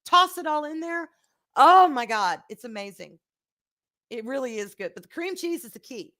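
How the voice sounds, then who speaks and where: A woman's voice: high voice, animated, normal speed, sharp tone. A middle-aged woman hosts a casual livestream and answers viewer comments. She talks in a frank, emotional way and swears without a second thought. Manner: frank, emotional, swears freely, says y'all. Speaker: livestream host.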